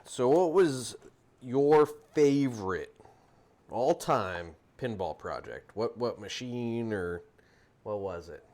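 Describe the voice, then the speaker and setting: A man's voice: mid-range voice, expressive, slow, darkish tone. A young man from New Jersey, a guest in a casual workshop chat, who talks in a laid-back, hesitant way with many fillers.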